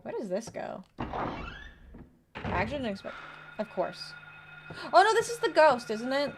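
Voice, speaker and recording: The recording is very noisy as a young woman with a high-pitched, unhurried voice plays a horror game on stream. She greets viewers and reads chat in a casual way, her quiet muttering punctuated by abrupt excited outbursts.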